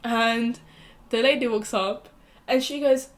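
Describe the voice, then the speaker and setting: A young woman co-hosting a podcast, rambling through a story. Her voice sits a little high and she giggles often, with plenty of fillers. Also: steady tone, slow. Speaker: podcast co-host. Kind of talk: casual storytelling chat.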